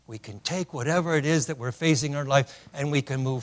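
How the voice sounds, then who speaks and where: A man preaching a sermon, telling stories with punchlines and swinging between loud declarations and hushed lines. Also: mid-range voice, fairly quick, hardly any pauses. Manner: storytelling with punchlines. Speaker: pastor.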